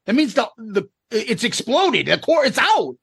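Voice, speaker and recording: A man putting on the voice of an alarmed, furious male nuclear scientist, shouting in disbelief. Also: very high-pitched, big pitch swings, a little slow, creaky, husky, no room sound, studio quality, full character voice. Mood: alarmed, outraged.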